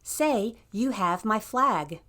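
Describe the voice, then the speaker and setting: A woman's voice: medium pitch, animated, slow, a bit bright. A woman narrating a scripted language lesson in an upbeat, encouraging way. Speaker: language teacher.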